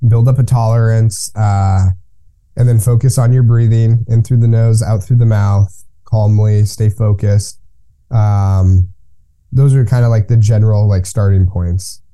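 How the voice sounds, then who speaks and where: Male guest, low mellow voice, calm and instructive. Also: measured pace. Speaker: guest, cold plunge business owner. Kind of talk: conversational interview.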